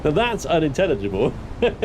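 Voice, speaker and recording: A man's voice: very animated, a little fast, background noise. A young adult man from Britain casually chatting with viewers during a game livestream, laughing often and swearing freely. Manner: chatty, swearing, laughing, mock-indignant high squeals. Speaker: gaming livestreamer.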